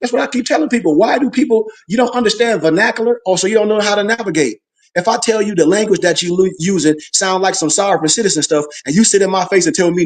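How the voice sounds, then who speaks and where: A man's voice: high-pitched, fast talker. A man leads a Sunday school class. He preaches emphatically and with animation, drawing call-and-response answers from his listeners.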